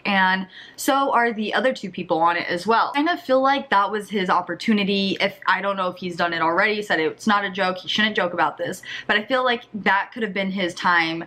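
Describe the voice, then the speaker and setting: A woman's voice: medium pitch, sharp tone. A young woman giving casual commentary on a YouTube channel, with skeptical, exasperated asides.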